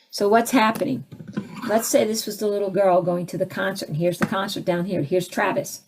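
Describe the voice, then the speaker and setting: A woman leading a live spiritual teaching session, taking audience questions and acting out the voices of people she describes with big jumps in pitch. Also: fairly even intonation, brisk, a little mellow, a little hiss or hum. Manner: takes audience questions, conversational asides.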